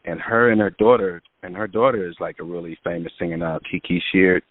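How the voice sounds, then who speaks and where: A music producer, interviewed as a guest, rambles through long casual anecdotes full of fillers. His low voice moves fairly quickly, recorded dry with a tinny, phone-line sound.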